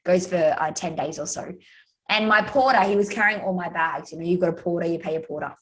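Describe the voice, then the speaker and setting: A woman's voice: on the low side, a little fast, low-quality recording. An Australian woman, a guest speaker and author, talking in a chatty, storytelling way on a podcast. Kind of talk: casual podcast interview.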